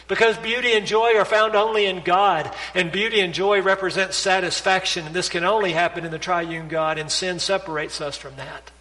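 Impassioned pastor preaching in a reverberant hall. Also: male voice, sits high, fairly even intonation, normal speed, few pauses, pushed and bright. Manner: pleading, impassioned preaching with repeated appeals. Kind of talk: sermon. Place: church sanctuary.

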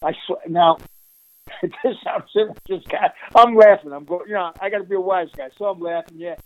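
A man being interviewed, telling an animated, streetwise story with frequent laughs and restarts. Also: high-pitched, brisk, no echo, poor audio. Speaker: interviewee recounting undercover work.

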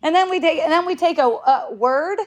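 A woman's voice: extremely high pitch, fairly quick. A woman in her fifties talking casually to a group, rambling with restarts, swearing freely and laughing often. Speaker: speaker in a group talk.

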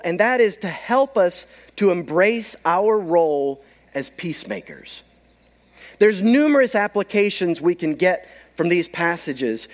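Animated male preacher, lively pitch. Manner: animated storytelling, acts out quoted voices. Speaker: pastor. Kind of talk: sermon.

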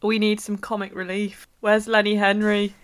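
A woman's voice: medium pitch, completely flat delivery, moderate pace. A woman, co-hosting a comedy podcast in a teasing, giggly way. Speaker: podcast co-host.

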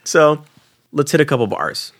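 At a normal speed, a young man co-hosting a podcast relays a travel story in a clean studio recording with no room sound. Animated and casual, he acts out the quoted people with sudden jumps in his voice, swearing casually and using "like" as a filler.

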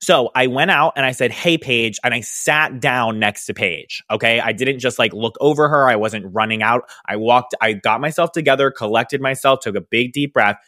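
A young man hosting a podcast, telling a story in a casual, animated way with lots of fillers. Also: medium pitch, moderate pace, hardly any pauses, dry recording, studio quality. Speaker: podcast host, hairstylist business educator.

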